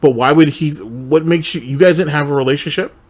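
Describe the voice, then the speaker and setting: Man, reaction commentary host, profane, confrontational, slightly high pitch. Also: fairly quick.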